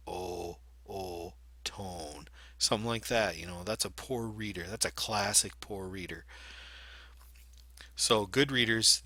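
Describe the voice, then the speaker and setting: Man with a bright, dry voice, teaching. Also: deep voice, dry recording. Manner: explanatory, demonstrates by reading aloud. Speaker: reading teacher. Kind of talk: instructional video lesson.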